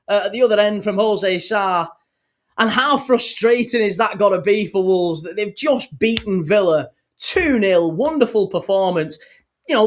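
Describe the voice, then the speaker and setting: Chatty, upbeat football fan. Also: medium pitch. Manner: exuberant, then chatty. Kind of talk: excited fan reaction.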